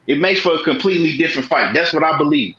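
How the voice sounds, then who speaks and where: A man's voice: a little high, fast talker, a bit bright, breathy edge, highs cut off. A man hosting a boxing talk show, speaking emphatically in casual talk and often checking in with "right?". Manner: emphatic, keeps asking "right?".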